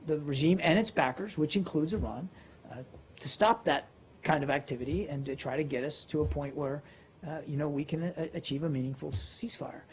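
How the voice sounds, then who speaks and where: A man's voice: on the high side, fairly quick, a little hiss or hum. A man briefing reporters as a government spokesperson, answering questions with many fillers and restarts.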